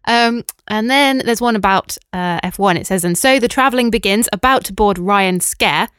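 A woman's voice: medium pitch, normal speed, a bit bright, clean tone, no echo. A woman co-hosting a podcast in casual chat, reading out messages with a dry wit. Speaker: podcast co-host.

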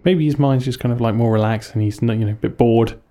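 A man's voice: medium pitch, fairly quick, mellow. A man co-hosting a casual chat podcast, chatty and teasing, often tagging rhetorical questions. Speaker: podcast co-host. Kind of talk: casual chat about motor racing.

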